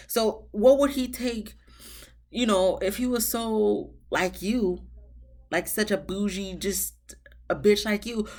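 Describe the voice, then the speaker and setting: A woman recapping a reality show episode in a casual, sassy, exasperated way, jumping up high for emphasis. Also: a little mellow.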